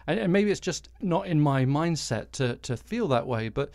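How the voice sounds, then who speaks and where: A man's voice: fairly high pitch, expressive, moderate pace, a little mellow, no echo, clean studio sound. A British man in his forties hosting a solo podcast, ranting with exasperation and frequent swearing. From Britain. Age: 40s. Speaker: podcast host.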